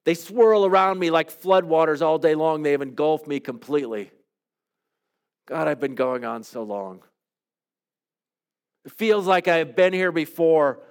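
Earnest man praying in a hushed plea. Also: fairly high pitch, clean tone. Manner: earnest, pleading, with long hushed pauses. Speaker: pastor leading a devotional. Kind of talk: reflective spoken prayer and teaching.

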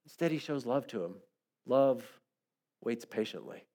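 A man preaching a sermon, telling stories, dropping to soft quiet phrases and rising to emphatic ones. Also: mid-range voice, animated, unhurried. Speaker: pastor.

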